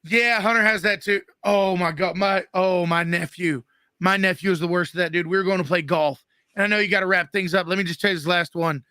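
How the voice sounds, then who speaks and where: A man's voice: sits high, fairly even intonation, sharp tone, clean tone, no room sound, clean studio sound. A man in his thirties, guest host, telling crude, joking stories in a casual chat. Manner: profane storytelling, quick and joking.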